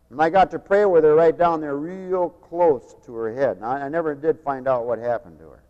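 This sermon comes from a preacher with a fairly high, clean-toned voice, brisk and with few pauses, alternating emphatic raised lines with soft storytelling asides to his congregation. It's captured on dull lo-fi tape with long hall reverb.

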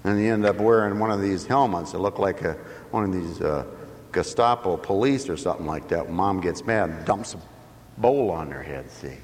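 A man's voice: low-pitched, normal speed. A man preaching a sermon in a folksy, joking manner, often asking the congregation questions. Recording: long hall reverb.

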